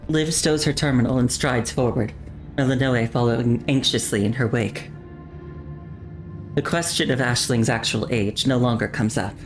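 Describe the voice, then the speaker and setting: A woman streamer narrating a game story aloud with slow, deliberate pacing and wry asides. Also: rumbling low, music in the background. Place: home streaming setup.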